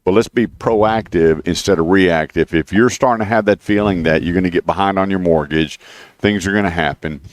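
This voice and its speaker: A man hosts a radio talk show in a casual, chatty way. His voice sits very low and sounds close and dry. He tells folksy stories and slips into the voices of the people he quotes. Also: brisk, dry recording. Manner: folksy storyteller, animated when quoting others. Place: radio studio. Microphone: studio microphone.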